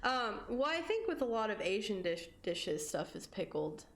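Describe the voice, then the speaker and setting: A woman's voice: mid-range voice, very animated, normal speed, a bit bright. Chatty giggly young woman streaming a game. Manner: chatty and giggly, swears casually. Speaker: live streamer. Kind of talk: casual gaming stream chat with viewers.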